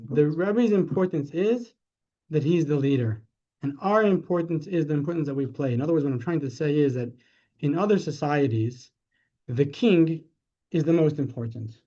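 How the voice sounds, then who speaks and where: A man teaching a class as a rabbi, telling a story in a conversational way, correcting himself, and growing animated when he makes his point. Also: on the high side. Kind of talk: storytelling lecture. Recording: dull lo-fi sound.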